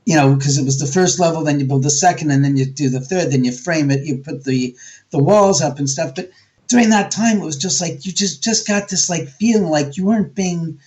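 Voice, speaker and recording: A man with a New York accent, a guest on a radio interview, telling a story in a lively, animated way and acting out other people's voices. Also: fairly high pitch, a little fast. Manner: animated, acts out quoted voices. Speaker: guest, homeowner and author.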